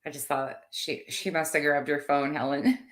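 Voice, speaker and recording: Woman, 30s, low voice, rambling livestream host chatting with viewers. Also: fairly even intonation, normal speed, fairly bright tone. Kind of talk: casual livestream chat.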